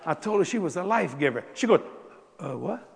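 A man preaching a sermon as a story, animated, swinging from soft asides to loud bursts. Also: high voice, fairly quick, creaky, slight background noise. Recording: long hall reverb.

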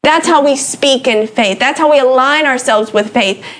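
A woman's voice: high-pitched, moderate pace, fairly bright tone. Encouraging woman urging faith. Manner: encouraging, exhorting. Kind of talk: casual faith discussion.

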